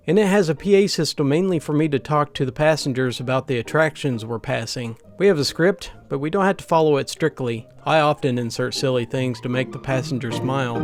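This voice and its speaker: A man reading funny anecdotes aloud in steady scripted narration. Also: medium pitch. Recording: faint background music.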